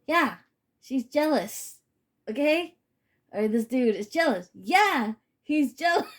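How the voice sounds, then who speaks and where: A woman's voice: sits high, sing-song, takes it slowly. A woman giving a casual spiritual reading to her viewers. She talks emphatically and swears freely, and she keeps repeating "okay?".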